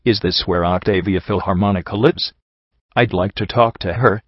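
A man's voice: low voice, moderate pace, husky, dry recording, dull audio. A man voicing an earnest, eager young filly who pleads her case. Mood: hopeful.

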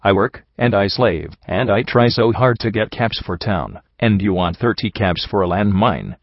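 Whiny scheming little unicorn filly , man reading it, kinda low, dull lo-fi sound. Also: lively intonation, moderate pace, no echo. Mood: whining. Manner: whiny, crocodile tears. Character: young female unicorn pony, wheedling cap-hoarding trader.

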